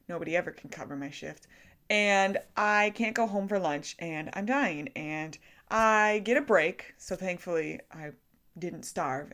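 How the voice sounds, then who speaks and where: A young woman vlogger telling a story about her day in a casual, animated way, laughing at herself often. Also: mid-range voice. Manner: animated, self-deprecating storytelling with frequent laughs.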